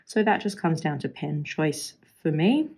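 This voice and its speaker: A woman's voice: low voice, big pitch swings, unhurried, vocal fry, darkish tone, husky. An Australian woman chatting casually as she swatches fountain pen ink, musing aloud and trailing off into restarts as she searches for words.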